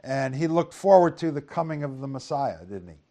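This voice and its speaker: A man in the middle of a Bible teaching, his voice sitting at an ordinary middle pitch. He reads old-fashioned scripture verses aloud and then explains them plainly. He keeps checking in with his listeners through rhetorical tag questions and stumbles into easy restarts. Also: sing-song, a little fast, dark tone. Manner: reads scripture aloud in King James wording; conversational with frequent restarts. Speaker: preacher.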